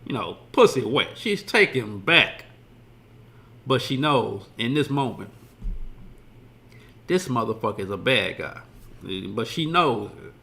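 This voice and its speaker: A man's voice: mid-range voice, sing-song, takes it slowly, creaky, long pauses, bright, forceful tone. A man streaming a casual reaction commentary, rambling loosely and swearing freely as he retells scenes.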